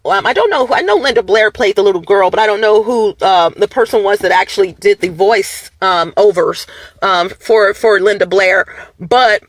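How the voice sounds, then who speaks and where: A woman's voice: medium pitch, normal speed, no room sound. A woman vlogger talking casually and animatedly to her viewers, her voice going up and down. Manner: many fillers and restarts, addresses viewers as "you guys".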